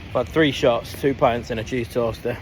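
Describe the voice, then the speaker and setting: A man's voice: medium pitch, steady tone, moderate pace. A man vlogging on a trip, chatty and sweary, filming himself on a handheld camera on city streets. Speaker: travel vlogger. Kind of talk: casual vlog chat. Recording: noisy outdoor street audio.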